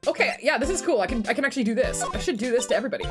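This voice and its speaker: A woman's voice: a little high, animated, rapid-fire, hardly any pauses. A woman streaming a game playthrough, reading the dialogue aloud with playful, swearing asides. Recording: game music loud in the mix.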